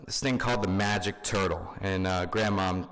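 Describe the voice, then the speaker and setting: A man's voice: deep voice, fairly quick, a bit bright. A young man speaking at his grandfather's funeral, informal and full of fillers. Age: young adult. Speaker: grandson giving a eulogy. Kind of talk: funeral eulogy. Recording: long hall reverb.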